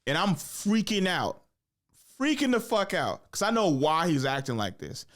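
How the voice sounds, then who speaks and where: A young man who is a podcast host and stand-up comedian tells a casual comedy story at normal speed. He is animated, swears freely, and jumps into high voices with big pitch leaps when acting out what people said.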